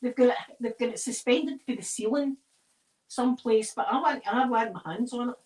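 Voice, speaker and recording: Scottish woman, casual chat, rambling stories, digressive, relaxed talk. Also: a little high, normal speed. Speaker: ASMR video creator. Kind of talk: casual chat while decorating a tree.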